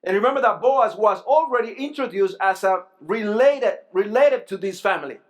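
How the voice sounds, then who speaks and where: A man's voice: sits high, animated, normal speed. A middle-aged male pastor, preaching a sermon earnestly, repeating phrases and asking rhetorical questions.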